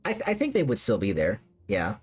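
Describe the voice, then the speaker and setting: Rambling woman streamer with lively pitch. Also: brisk, husky. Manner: rambling, repeats words, many fillers. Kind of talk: casual chat with live chat. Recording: faint music behind.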